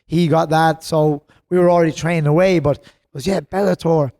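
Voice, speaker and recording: A man's voice: on the high side, fairly even intonation, fairly quick, vocal fry, darkish tone, dry recording, studio quality. An Irish man in his thirties, a gym co-owner chatting as a podcast guest, telling rambling stories. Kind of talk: casual podcast chat.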